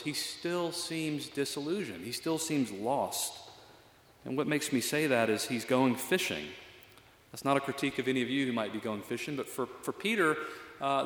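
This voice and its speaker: A man's voice: medium pitch, a bit bright, reverberant, long reverb tail. A male pastor giving a reflective, conversational sermon with frequent fillers.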